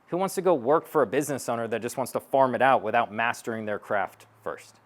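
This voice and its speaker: A man in his thirties giving a live stage talk as a sales coach, blunt and profane, acting out bits of sales-call dialogue. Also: mid-range voice. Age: 30s. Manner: blunt, profane, punchy delivery; acts out sales-call dialogue in quick asides. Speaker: sales coach speaking to an audience.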